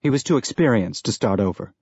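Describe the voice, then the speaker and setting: A man narrating an audiobook in a measured, even storytelling manner. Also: lowish voice, creaky, breathy edge, dry recording, lo-fi sound. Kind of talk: scripted narration.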